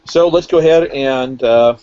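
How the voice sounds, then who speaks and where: A man of medium pitch hosts a live art stream in a relaxed, chatty way. He reads out the assignments slowly and deliberately. The sound is dull and lo-fi. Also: smooth. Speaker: host of a live drawing event. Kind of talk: casual live-stream hosting.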